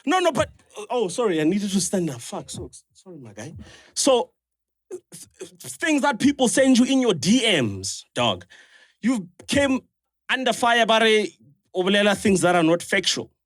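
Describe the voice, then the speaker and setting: A man's voice: high-pitched, very animated, normal speed, no room sound, clean studio sound. A South African man in a live audience, asking the hosts a question in a hesitant, stammering way. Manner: hesitant, stammering, calls people dog. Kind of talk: live podcast Q&A.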